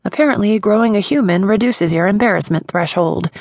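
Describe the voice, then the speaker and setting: A woman's voice: on the low side, brisk, creaky, few pauses, darkish tone, dry recording. A woman reading a contemporary romance audiobook in first person, with wry, dry humor, on a close studio mic. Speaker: audiobook narrator.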